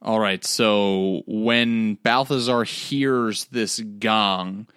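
A man playing a tabletop game, narrating his character's actions in the third person at an unhurried, slow pace. His voice is bright and forceful, and the sound is dry and close. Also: lowish voice, steady tone, clean tone, no echo. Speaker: player.

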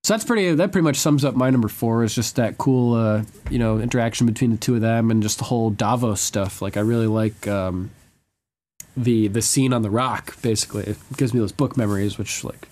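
A man's voice: medium pitch, a little fast. Chatty man retelling TV scenes. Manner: animated storyteller who acts out quotes, laughs often. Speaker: podcast co-host. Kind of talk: casual chat.

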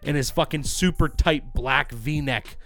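A man's voice: a little high, a little slow, vocal fry, fairly bright tone, faint music behind. A young man co-hosting a podcast, talking animatedly and swearing, acting out quoted voices. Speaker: podcast co-host. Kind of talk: casual banter.

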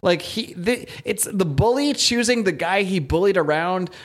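A man's voice: high voice, animated, moderate pace. A young man co-hosting a podcast, rambling and joking through a comic book recap. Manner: rambling, jokey, many fillers. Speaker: podcast co-host.

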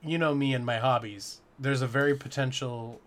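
A man in his thirties co-hosting a podcast, laid-back and joking, often trailing off quietly. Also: mid-range voice, fairly even intonation, moderate pace. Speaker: podcast co-host. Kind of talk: casual chat.

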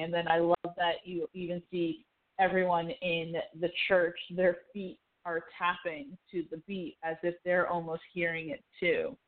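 A woman with a slightly low voice, excitedly retelling scenes from a show in casual chat. She slips into the characters' lines as she goes. The sound is thin and narrow, like a phone line. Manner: animated retelling, acts out quoted lines.

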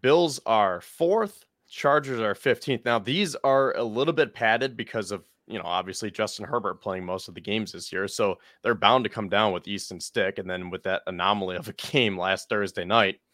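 A man's voice: lowish voice, moderate pace, few pauses, a bit bright, dry recording, studio quality. A man co-hosting a sports podcast, rambling a bit as he reads off team stats. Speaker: podcast co-host. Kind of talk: casual sports podcast chat.

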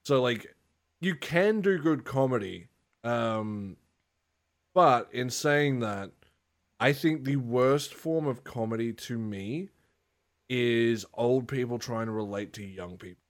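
Male podcast co-host, mid-pitched, blunt and profane. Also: takes it slowly. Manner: blunt, swears freely. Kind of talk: casual chat.

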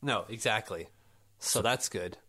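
A man co-hosts a casual sports podcast, talking in an unhurried way with a fairly low pitch and a sharp tone. He's chatty and argumentative, reading quotes aloud with lots of ums and restarts.

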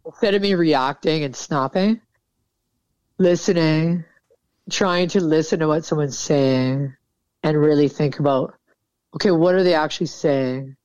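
A woman's voice: low-pitched, a little slow, darkish tone, smooth, no room sound. A woman military veteran talking candidly in an interview, casual and frank, swearing freely. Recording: dull, dry sound.

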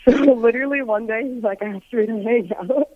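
A woman's voice: fairly high pitch, a little fast. Bubbly young woman on a phone line. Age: young adult. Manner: bubbly, says "like" a lot. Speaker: caller. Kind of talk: casual phone call.

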